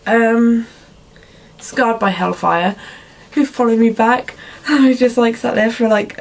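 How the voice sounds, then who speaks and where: A woman's voice: fairly high pitch, steady tone, takes it slowly. A young woman chatting casually on her vlog, rambling and giggly, often laughing at herself. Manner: rambling and giggly, self-deprecating, with many fillers. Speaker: vlogger answering viewer questions. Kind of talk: casual chat.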